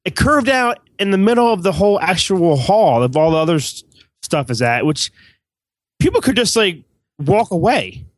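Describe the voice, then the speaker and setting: Guy on a skype podcast call, high voice, rambly and repeats stuff, dry close sound. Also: big pitch swings, moderate pace, dry recording. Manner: rambling, repeats words, swears. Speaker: podcast co-host. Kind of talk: casual chat over a video call. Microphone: video call.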